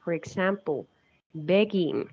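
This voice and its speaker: A woman narrating an English spelling lesson, slowly and carefully repeating each example. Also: fairly low pitch, darkish tone, highs cut off, a little hiss or hum. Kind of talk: recorded English grammar explanation.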